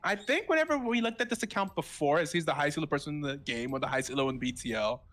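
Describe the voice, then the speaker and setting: Animated and rapid-fire, this shoutcaster from the American South has a highish, fairly bright voice. He calls the esports match live in a loose, meandering style, constantly using fillers and correcting himself.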